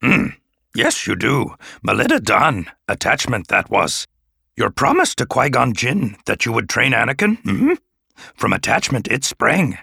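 A man voicing an ancient, small alien sage who is stern yet dryly gentle, speaking in inverted word order with thoughtful hums. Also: mid-range voice, huge pitch swings, unhurried, gravelly, breathy edge, no echo, clean studio sound, heavily acted. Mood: probing.

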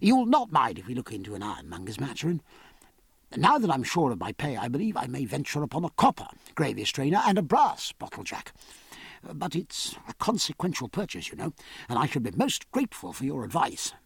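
An eager, fussy gentleman who fusses over purchases and bursts into high, delighted thanks, as a narrator puts him on. The voice leaps upward when pleased and keeps a faint huskiness, recorded close and dry. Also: wildly swooping pitch, fairly quick, gravelly, slightly rough, dry recording, heavily acted. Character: eager, fussy, grateful male naval chaplain, excitable.

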